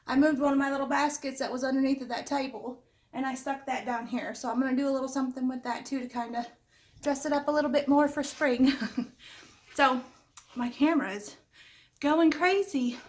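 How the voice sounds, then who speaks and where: A woman's voice: high voice, steady tone, brisk. A middle-aged woman hosting a casual home decor vlog from her living room. She is chatty and homey, with lots of small asides, and is a little under the weather with the odd cough. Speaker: home decor channel host. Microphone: camera set up nearby, moved around while she talks.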